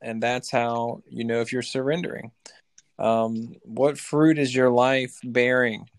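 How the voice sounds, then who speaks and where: A man's voice: medium pitch, flat delivery, unhurried, no echo. Pastor guy, direct and plain, keeps asking questions, dry sound. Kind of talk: sermon-like explanation.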